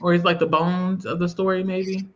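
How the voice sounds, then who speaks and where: A woman's voice: lowish voice, flat delivery, moderate pace, dull audio. A woman hosting a casual livestream, chatting loosely and laughing often as she talks to a guest. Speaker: livestream host. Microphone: video call.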